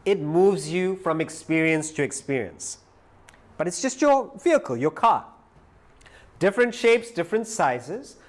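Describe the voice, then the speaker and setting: High, lively male lecturer. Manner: animated storyteller, acts out quoted voices. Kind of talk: live lecture with storytelling. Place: lecture hall.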